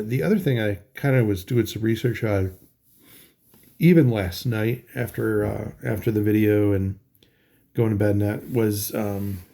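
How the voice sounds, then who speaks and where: A middle-aged man talking casually in a halting video diary, tired and full of ums and restarts. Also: on the low side, gravelly, mellow. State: tired, yawning. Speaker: vlogger.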